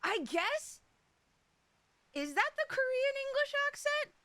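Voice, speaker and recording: An American woman streamer chatting casually, giggly and excitable. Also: very high-pitched, slow pace, no room sound. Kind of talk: casual live-stream chat.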